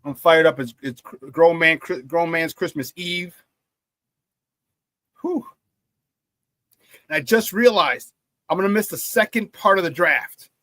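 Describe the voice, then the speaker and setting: Guy hosting a sports show, reads the chat, high bright voice, keeps repeating himself, laughs a lot. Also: measured pace, pauses often, dry recording. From Chicago area. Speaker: sports talk radio host. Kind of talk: casual sports talk, reading live chat.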